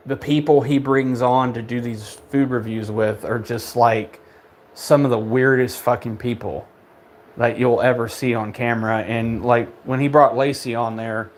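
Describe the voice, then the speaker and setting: A young man at middle pitch rants in a casual monologue, heavy with swearing and open contempt. He rambles, stammers and restarts his sentences while his anger builds. His voice sits in an ordinary register, neither deep nor high. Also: a little hiss or hum. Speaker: podcast host.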